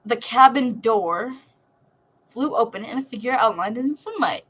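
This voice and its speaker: A woman reading fan fiction aloud in a soft, emotional manner. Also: a little high, expressive, normal speed, breathy edge, low-quality recording. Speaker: story reader.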